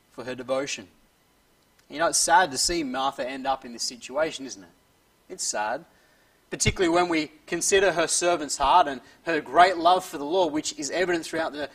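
A man preaching an earnest expository sermon, often dropping softly at the ends of phrases. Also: on the high side, husky, far from the mic, poor audio.

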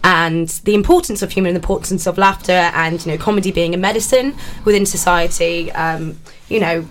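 A woman's voice: lowish voice, steady tone, fairly quick, a little hiss or hum. A woman co-hosting a comedy chat, bantering, laughing often and trailing off with ums. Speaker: comedy podcast co-host.

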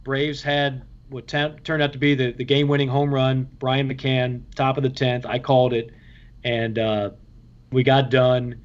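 A male baseball broadcaster recalls his early years with lively storytelling. He jumps into the voices of the people in his stories and restarts his sentences as he goes, at a mid pitch, captured on a slightly dull, lo-fi recording. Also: measured pace. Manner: lively, acts out quoted voices, frequent restarts. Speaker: baseball radio play-by-play broadcaster. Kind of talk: anecdotal storytelling in an interview.

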